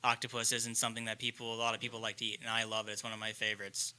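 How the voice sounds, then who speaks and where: Bright-voiced chef talking shop. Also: male voice, on the low side, monotone, racing, smooth. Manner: earnest, explains at length. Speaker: chef and ramen maker. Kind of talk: casual podcast conversation.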